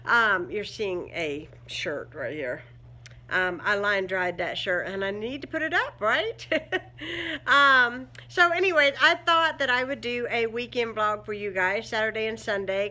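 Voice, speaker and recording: A woman with a medium-pitched, bright, forceful voice speaks at a measured pace while chatting casually in a vlog at home indoors. She rambles, using many fillers and laughing often.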